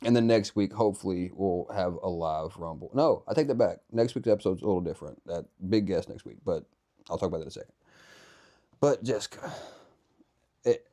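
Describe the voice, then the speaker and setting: A young man hosts a conversational interview with a very low, mellow voice. He rambles earnestly and thinks out loud between questions. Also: fairly quick. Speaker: podcast host.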